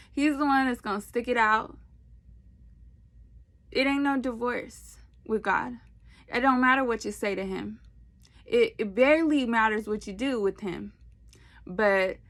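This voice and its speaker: Animated woman preaching casually to her phone. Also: on the high side. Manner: animated, preachy, colloquial with playful asides. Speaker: faith video host. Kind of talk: casual faith talk to camera.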